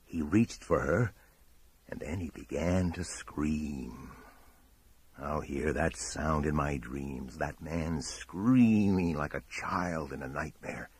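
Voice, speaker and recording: A man reading a horror audiobook in a measured, dramatic storytelling manner. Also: very deep voice, breathy edge, no echo. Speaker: audiobook narrator. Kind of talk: scripted horror narration.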